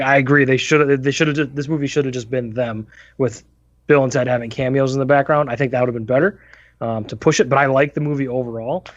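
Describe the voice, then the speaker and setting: A man's voice: mid-range voice, no room sound, highs cut off. A man co-hosting a casual movie review podcast, sharing trivia in a rambling way with fillers. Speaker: podcast co-host.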